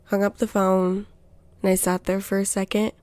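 A woman's voice: mid-range voice, flat delivery, normal speed, darkish tone, dry recording. A young woman hosting her own podcast, chatting casually and rambling through a personal update with lots of fillers and restarts. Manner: rambling, self-interrupting, filler-heavy. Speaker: podcast host.

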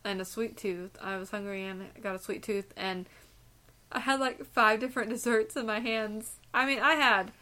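A woman's voice: medium pitch, fairly even intonation, normal speed, sharp tone. A woman co-hosting a podcast, rambling through a story in casual chat, laughing and swearing freely. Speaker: podcast co-host.

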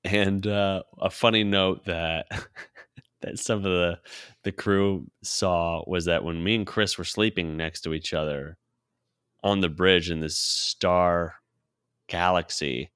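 A man casually telling a long personal story, laughing often, swearing freely and quoting himself in a low mutter. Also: steady tone, slow, a bit bright, smooth, no echo, studio quality. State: sore throat.

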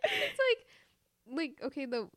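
A young American woman chatting playfully with a friend, laughing through her stories. Her voice is a bit high with lively swings. The recording is dry and close. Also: slow, dry recording. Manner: playful, laughing, animated storytelling. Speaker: co-host. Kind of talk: casual chat.

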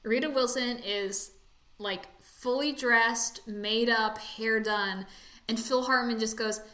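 A woman chatting casually about a movie, talking fast and acting out the people she quotes in put-on voices. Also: on the high side, steady tone, bright, forceful tone, reverberant.

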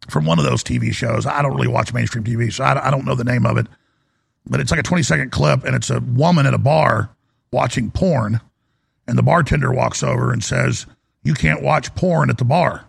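Male broadcast host, very gravelly, husky tone, rambling monologue with restarts and emphatic bursts. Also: medium pitch, no echo, clean studio sound. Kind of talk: monologue commentary. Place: broadcast studio.

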